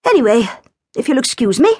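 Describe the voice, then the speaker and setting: A woman narrator voicing a pompous, self-important man who bellows his words in a lively, raised voice. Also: a little high, brisk, breathy edge, no echo, studio quality, pitched above the performer's own voice. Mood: pained. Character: pompous loud man, trumpeting about finance.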